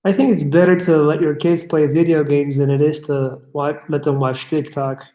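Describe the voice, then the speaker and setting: In an echoey room, a young man runs a casual livestream, reading chat aloud and answering bluntly with swearing and riffs. His voice is a little high and mellow, with little pitch movement and a normal speed.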